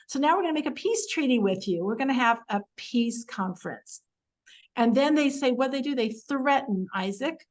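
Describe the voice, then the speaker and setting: A woman teaching the weekly Torah portion in a chatty, animated way, acting out quotes and using many fillers. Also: high voice, normal speed, rough recording.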